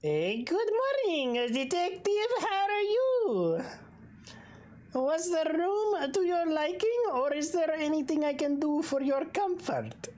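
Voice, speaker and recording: A woman's voice: very high-pitched, sing-song, slow pace, a little mellow, voice pushed up, exaggerated voice. A woman voicing a jovial, overweight male hotel owner in a video game, who talks in an eager, fawning way. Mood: welcoming.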